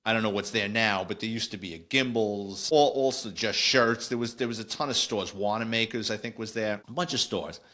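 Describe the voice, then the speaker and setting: Middle-aged new guy spinning a long story, bright forceful voice, keeps going off on tangents. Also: fairly low pitch, a little fast, hardly any pauses. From New York. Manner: animated, digressive, acts out quoted voices. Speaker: podcast host, former police officer. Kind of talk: casual storytelling.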